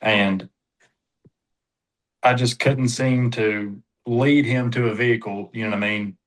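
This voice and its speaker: A man's voice: medium pitch, steady tone, a little slow, low-quality recording. A man, a car salesperson being coached, talking hesitantly with lots of fillers. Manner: hesitant, full of "you know" fillers. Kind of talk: casual talk in a coaching session.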